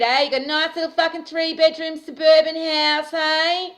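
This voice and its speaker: A woman's voice: very high-pitched, fairly even intonation, moderate pace, hardly any pauses, a bit bright, low-quality recording. An Australian woman delivering a profane, confrontational monologue to camera in an angry rant. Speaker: video commentator.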